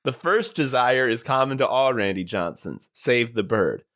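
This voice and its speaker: Man, guest player, lively swinging pitch, playful, casual swearing. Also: moderate pace. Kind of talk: casual tabletop role-play.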